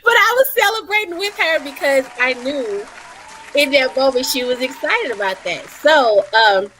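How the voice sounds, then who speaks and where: A woman in her thirties, a guest on a talk show, telling stories in a lively, colloquial and expressive way. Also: high voice, normal speed, a faint crowd, a little hiss or hum. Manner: animated, expressive storyteller, colloquial. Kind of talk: casual talk-show chat.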